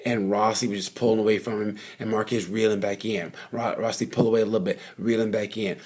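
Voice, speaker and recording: Husky, rambling motorcycle-fan man. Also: lowish voice, little pitch movement, fast talker, darkish tone. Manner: rambling, chatty, full of fillers and asides. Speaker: vlogger reviewing motorcycle races. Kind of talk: casual off-the-cuff race recap. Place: at the race circuit.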